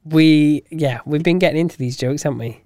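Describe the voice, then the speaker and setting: A man's voice: a little high, brisk, darkish tone, dry recording. A man co-hosting a casual podcast, laughing a lot and teasing in a dry way. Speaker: podcast co-host. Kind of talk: casual chat.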